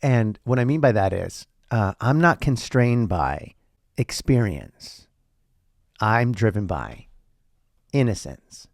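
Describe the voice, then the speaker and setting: A man muses out loud in a casual, theatrical monologue, his pitch rising and falling in lively swings. The recording is dry and close, with no room sound, and he drops in a curse now and then. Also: takes it slowly, creaky, dry recording. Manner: playful, theatrical, swears casually. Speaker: podcast host.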